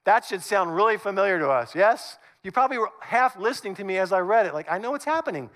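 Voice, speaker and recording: A man preaching a sermon as pastor in an animated, conversational way, acting out the scripture he reads. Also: high-pitched, fast talker.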